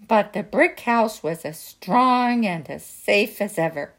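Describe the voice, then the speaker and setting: A woman reading a children's picture book aloud in a slow, sing-song storytelling manner. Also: medium pitch, animated.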